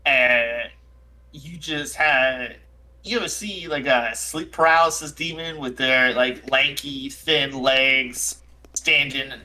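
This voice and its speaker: A man's voice: mid-range voice, slow, sharp tone, rough recording. A man voicing a jittery male biker character who talks in casual slang and sounds hurt and offended. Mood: aggrieved. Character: jittery male NPC biker, easily spooked, whiny.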